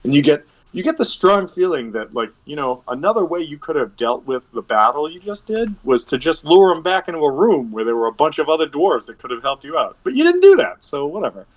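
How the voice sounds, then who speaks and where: A man's voice: fairly high pitch, sing-song, brisk, hardly any pauses. A man running a tabletop game as game master, rambling with many fillers and restarts. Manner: rambling, filler-heavy, self-correcting.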